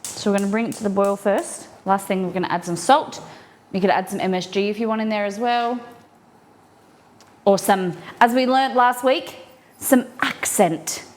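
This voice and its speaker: Cooking at home on a live stream, a woman talks at a moderate pace in a medium-pitched voice with fairly even intonation. She's chatty and upbeat, responding to her viewers' messages, and a little hiss or hum can be heard.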